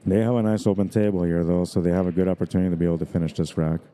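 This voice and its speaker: Brief: male stream commentator, deep mellow voice, dry throat, rambling casual chatter. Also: level tone, very fast. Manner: rambling, chatty, many fillers.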